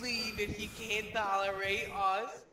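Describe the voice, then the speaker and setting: A man's voice: high-pitched, little pitch movement, slow, a crowd in the background. A man in joking game chat, whining in mock sadness. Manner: whiny, mock-sad, laughing. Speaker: player.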